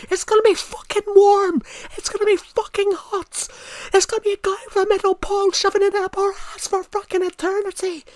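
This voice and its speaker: Shouting Scottish rager. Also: male voice, very high voice, little pitch movement, fairly quick, hardly any pauses, no room sound, voice pushed up. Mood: furious ranting. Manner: yelling, swearing, explosive. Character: ranting furious Scottish man, middle-aged.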